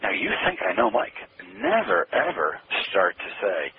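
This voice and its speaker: A man giving sales advice in a radio interview, animated and acting out phone calls, heard through noisy lo-fi phone-like audio. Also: low-pitched, moderate pace. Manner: animated, acts out phone calls in quoted voices. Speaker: sales trainer guest.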